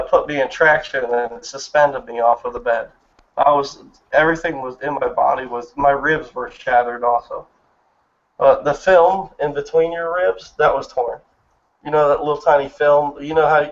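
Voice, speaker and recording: Earnest man in his thirties, muffled chat audio. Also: a little high. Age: 30s. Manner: earnest, emotional personal storytelling. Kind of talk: casual chat. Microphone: online voice chat.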